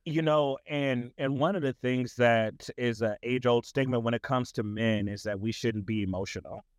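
A young man talking as a podcast guest in a relaxed, rambling way, full of fillers. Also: mid-range voice, normal speed, no room sound. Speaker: tutoring business owner, guest. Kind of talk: casual interview conversation.

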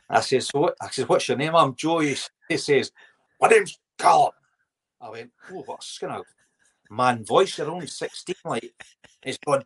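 A middle-aged Scottish man, a former footballer, telling lively anecdotes as a podcast guest, giggling and putting on voices. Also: fairly low pitch. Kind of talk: casual storytelling interview.

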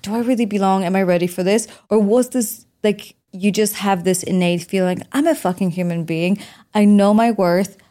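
A woman hosting a podcast interview, asking questions in a casual, filler-heavy way. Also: medium pitch. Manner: casual, warm-hearted, lots of fillers. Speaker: podcast host.

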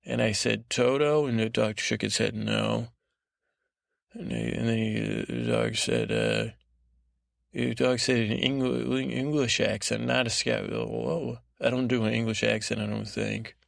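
A man hosting a podcast, telling a meandering improvised bedtime story in a halting, self-interrupting way. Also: lowish voice, little pitch movement, gravelly, no room sound, studio quality. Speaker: podcast host.

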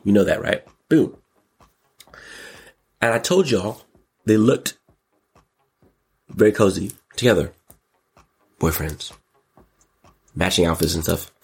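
A man hosting a casual commentary show, excitable and jokey, breaking into sudden squeals and exclamations. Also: low-pitched, slow pace, gravelly, long pauses, breathy edge. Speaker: podcast host.

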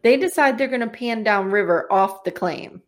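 A woman co-hosting a podcast, recapping a TV episode in casual chat, wry and animated, laughing often. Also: on the high side, normal speed. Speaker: podcast co-host.

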